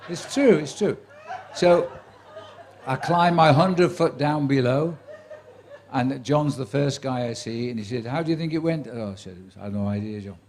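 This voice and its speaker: At a medium pitch and moderate pace, with a darkish tone and a little hiss or hum, a man in his seventies, a sports commentator, relates career anecdotes to a live audience. He's a chatty raconteur with dry wit who acts out quoted voices.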